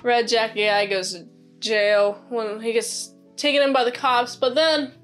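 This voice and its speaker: A woman's voice: on the high side, fairly even intonation, measured pace, a bit bright, soft background music. A woman casually recapping a movie as a reviewer, rambling, cutting herself off and giggling. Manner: rambling, self-interrupting, giggly.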